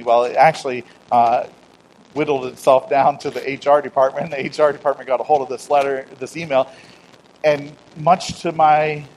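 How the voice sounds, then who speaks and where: A middle-aged man preaching a conversational sermon, swinging from loud emphatic declarations to quiet storytelling with self-deprecating humor and acted-out dialogue. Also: mid-range voice, a little hiss or hum, low-quality recording. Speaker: pastor.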